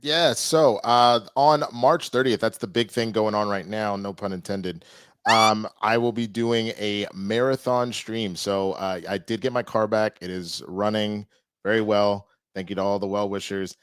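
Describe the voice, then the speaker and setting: A man's voice: lowish voice, steady tone, a little slow, a bit bright, clean tone, no room sound. A man co-hosting a casual podcast, laid-back as he chats and promotes his stream. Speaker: co-host and streamer.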